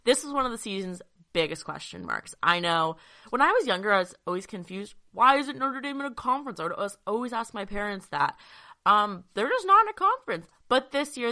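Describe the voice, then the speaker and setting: A young woman hosting a sports podcast from her childhood bedroom, chatty and excitable with lots of fillers, a little out of breath. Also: medium pitch. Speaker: podcast host. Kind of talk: casual sports podcast monologue.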